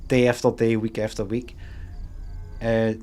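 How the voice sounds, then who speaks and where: A man's voice: lowish voice, level tone, a little slow, a little mellow, faint music behind. Scottish man, live streamer, rambling anecdote, lots of swearing, casual.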